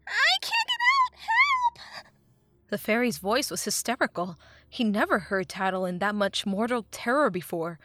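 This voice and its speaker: A woman reading a fan fiction audiobook, with expressive narration that drops to a hush at dramatic moments. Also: mid-range voice, dry recording.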